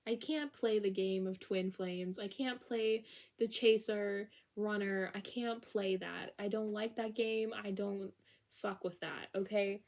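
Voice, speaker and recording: A young woman talks through a pick-a-card tarot reading in a loose, chatty way. She is frank and exasperated, breaks into laughter and lets the odd swear word slip. Her voice sits at an ordinary middle pitch. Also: steady tone, measured pace, darkish tone. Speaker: tarot reader.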